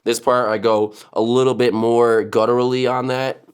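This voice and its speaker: A man's voice: mid-range voice, flat delivery, moderate pace, smooth. A man casually explaining his vocal techniques, breaking off to demonstrate growls, gutturals and shrieking screams.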